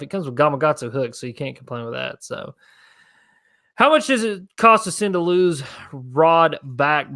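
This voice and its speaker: A man's voice: mid-range voice, a bit bright, dry recording, studio quality. A young man hosting a casual fishing livestream and answering viewer questions in a laid-back, rambling way. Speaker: fishing channel host.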